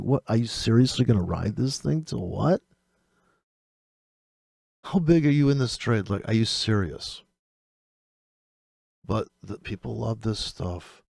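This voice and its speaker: A man who hosts a trading channel tears into other traders' videos in a rapid-fire, exasperated rant, swearing freely. His medium-pitched voice is gravelly and a little mellow, recorded in studio quality with no room sound.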